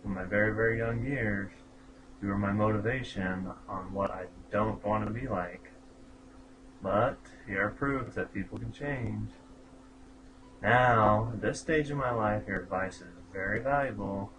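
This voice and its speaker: A man with a lowish voice gives a wry, teasing birthday message that turns earnest. He is in a small room with clear background noise behind him. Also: a little slow. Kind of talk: personal video message.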